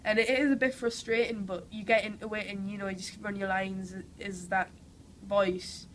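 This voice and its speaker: A woman's voice: mid-range voice, level tone, moderate pace, a little hiss or hum, poor audio. A young woman with a Geordie accent, who has a cold, chatting enthusiastically as an actress in an interview, full of "like" and "you know". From Newcastle, England. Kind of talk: casual interview answers.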